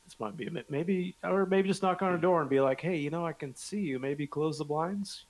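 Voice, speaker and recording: A man's voice: on the high side, a little fast, rough recording. A man in a casual podcast chat, making wry jokes. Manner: wry, joking.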